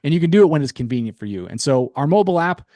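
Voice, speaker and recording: Fast-talking upbeat man pitching software. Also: big pitch swings, no room sound, clean studio sound. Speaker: webinar presenter. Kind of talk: sales pitch webinar.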